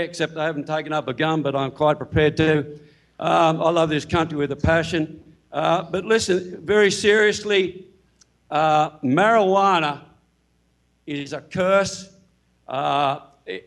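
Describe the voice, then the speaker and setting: A man's voice: fairly high pitch, a bit bright. A man, speaking heatedly and bluntly from the floor at a town hall meeting.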